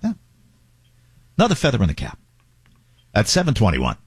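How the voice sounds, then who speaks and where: A man's voice: on the low side, huge pitch swings, normal speed, slight background noise. A man hosting a talk radio show, chatting casually with wandering asides.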